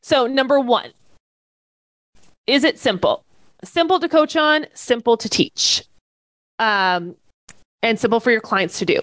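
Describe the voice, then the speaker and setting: A woman's voice: fairly high pitch, unhurried, pauses often, a bit bright, no room sound. A woman leading a live online fitness-coaching training class from a webcam setup. She speaks with enthusiasm and keeps checking in with "okay?" and "right?".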